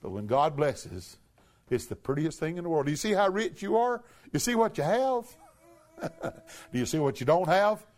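A man preaching a sermon from a church pulpit, emphatic, with big swoops up to shouted peaks. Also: on the high side, big pitch swings, moderate pace. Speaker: pastor.

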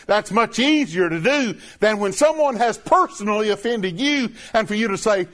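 A man preaching a sermon, emphatic and deliberate, repeating phrases as his voice swells and drops. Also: very animated, a bit bright. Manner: emphatic, repeating phrases with rising and falling pitch.

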